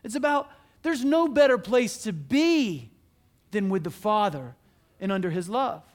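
A man's voice: sits high, expressive, unhurried. A man preaching a sermon as pastor, earnest and conversational, asking his listeners questions and restarting his sentences often.

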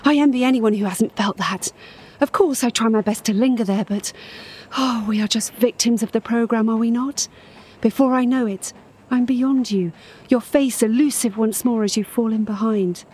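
A woman playing a breathy, lovesick stalker. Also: a little high, normal speed. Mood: dreamy, infatuated. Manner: hushed, dreamy, intimate, drifting into whispers. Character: lonely obsessive woman fixated on a stranger online. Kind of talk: audio drama monologue.

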